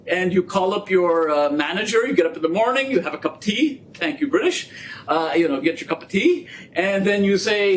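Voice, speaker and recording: A middle-aged man giving a public lecture as a guest speaker, an animated storyteller who jokes with the audience. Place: lecture room. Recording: distant mic with faint rumble.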